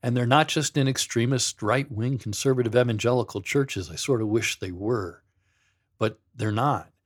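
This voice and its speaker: A man's voice: medium pitch, moderate pace, breathy edge. Sarcastic middle-aged man hosting a podcast. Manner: sarcastic, mocking, dramatic reading of quotes. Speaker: podcast host, former pastor. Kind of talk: sardonic monologue.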